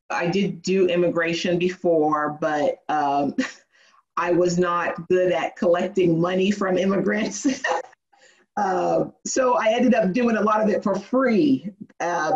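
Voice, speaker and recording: A lawyer as a podcast guest, telling lively stories and acting out what people said. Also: mid-range voice. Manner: animated storytelling, acts out quoted voices, laughs often. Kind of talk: casual interview. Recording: dull, muffled sound.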